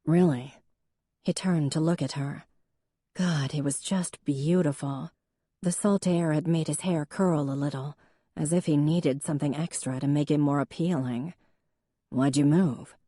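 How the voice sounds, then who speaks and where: Low, mellow woman narrating an audiobook. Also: fairly even intonation, moderate pace, dry recording, studio quality. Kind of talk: scripted narration.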